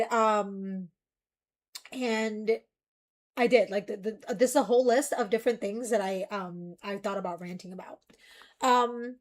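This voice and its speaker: A young woman streamer chatting casually, rambling and ranting in an animated way. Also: medium pitch.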